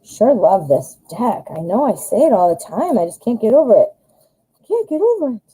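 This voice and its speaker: Woman, tarot reader host, live stream, warm mellow tone, rambling, self-deprecating. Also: mid-range voice, sing-song, fairly quick, breathy edge, rough recording. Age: adult, married. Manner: rambling and chatty, thinks aloud with many fillers; self-deprecating humor, goes off on tangents.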